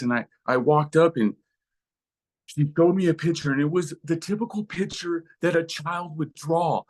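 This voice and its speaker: A man's voice: on the high side, moderate pace. A man telling an emotional personal story as a guest speaker, acting out voices from it with lots of life. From USA. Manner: animated, acts out voices in his story.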